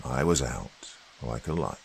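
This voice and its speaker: A man narrating a first-person horror story in a steady storytelling delivery. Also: rumbling low, measured pace, gravelly, slightly rough, poor audio.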